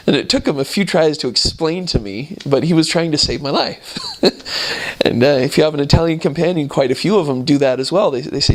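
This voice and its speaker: A man, a returned missionary, telling casual stories about his mission in a relaxed, rambling way with frequent chuckles. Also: fairly high pitch, a little fast.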